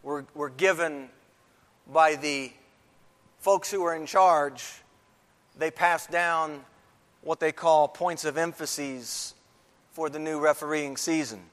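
Male pastor, slightly high voice, emphatic sermon delivery, church hall with long reverb. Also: a bit bright. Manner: emphatic preaching with repeated phrases. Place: church sanctuary.

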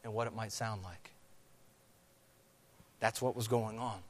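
A man's voice: lowish voice, fairly even intonation, a little slow. A man preaching a sermon on a scripture passage, acting out crowd chants. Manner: dramatic, acts out crowd chants. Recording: long hall reverb.

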